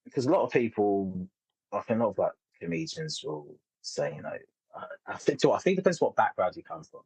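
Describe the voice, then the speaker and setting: A man's voice: on the low side, very animated, a little fast, a little mellow, husky, dry recording, rough recording. A man in his thirties, a comedian telling stories in a casual interview, rambling and self-interrupting with frequent laughs. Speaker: comedian guest.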